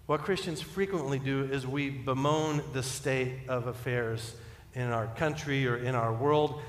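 A man preaching a sermon as pastor, earnest and building to emphatic peaks before dropping soft. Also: on the high side, animated, unhurried. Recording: echoey church hall with long reverb.

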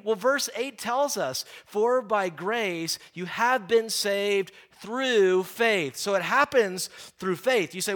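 A man in his forties delivering a conversational sermon, his voice sitting a bit higher than most men's. He preaches with a joking, sarcastic streak and slips easily into lively storytelling. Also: normal speed, hardly any pauses.

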